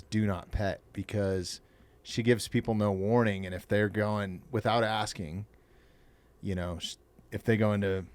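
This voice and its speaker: A man hosting a podcast in casual chat, loose and frank, swearing casually. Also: fairly low pitch.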